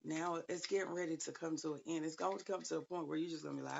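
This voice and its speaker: A woman's voice: low-pitched, steady tone, quick pace, creaky, lo-fi sound, slight background noise. A woman giving viewers a casual spiritual tarot reading, chatty and slangy, talking straight to them. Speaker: tarot reader.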